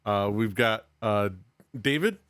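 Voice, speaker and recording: A man hosting a music podcast with friends, relaxed and jokey. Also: fairly low pitch, takes it slowly, smooth, no room sound. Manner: relaxed, jokey, hesitant fillers. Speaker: podcast host. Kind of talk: casual chat.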